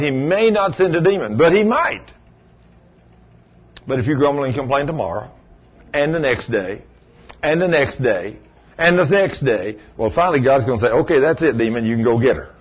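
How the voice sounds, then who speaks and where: A man's voice: fairly high pitch, slightly rough, lo-fi sound. A man preaching a folksy sermon as pastor, asking his congregation rhetorical questions.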